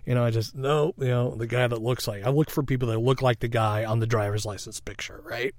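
A man's voice: medium pitch, steady tone, a little mellow, no echo. A man preaching a sermon in a conversational, reflective way, sharing a personal story and often checking in with "all right?". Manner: reflective, meditative pauses.

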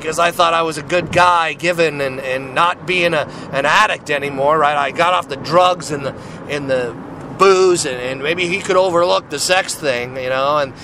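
A man's voice: fairly high pitch, normal speed. A man giving an informal Christian testimony, earnest and rambling, with many restarts and frequent "right?" and "you know". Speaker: Christian speaker sharing testimony. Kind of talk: informal preaching with personal testimony. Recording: noisy street with passing cars.

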